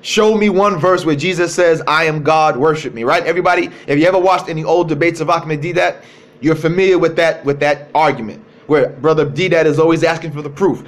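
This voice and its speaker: A man giving a livestreamed religious talk into his cell phone, emphatic, repeating key phrases and slowing down to stress words. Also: on the high side. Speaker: religious speaker.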